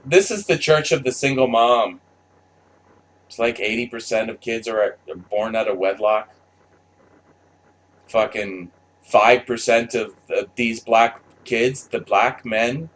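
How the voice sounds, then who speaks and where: A commentator with a mid-range male voice speaks slowly and pauses often, with a little hiss or hum in the audio. His unscripted monologue is blunt and full of swearing, rambling along with frequent restarts.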